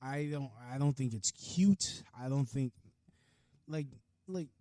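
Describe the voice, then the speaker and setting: A man hosting his own podcast, delivering a profane, heated solo rant that swings from low mutters to loud outbursts. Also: takes it slowly, no room sound. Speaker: podcast host. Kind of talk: ranting solo podcast monologue.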